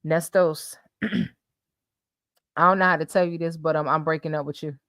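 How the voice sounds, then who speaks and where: A woman putting on the voice of a hesitant man who is delivering bad news in a halting, sheepish tone. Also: low voice, steady tone, a bit bright, dry recording, clean studio sound, voice pushed down.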